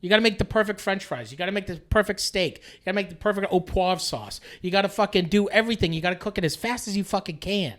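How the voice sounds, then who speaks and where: Canadian chef guy in his late 30s rambling on a podcast, high voice, swears a ton, says like every other word. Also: fast talker, few pauses, fairly bright tone. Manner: rambling and profane, full of filler "like"s. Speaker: guest chef. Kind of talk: casual podcast chat.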